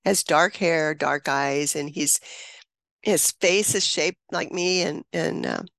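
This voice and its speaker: A woman's voice: low voice, slow pace, gravelly, no echo. A woman in her seventies, a guest on an interview show, telling a personal story with emotion and frequent laughter. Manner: animated, laughs often, acts out quoted voices.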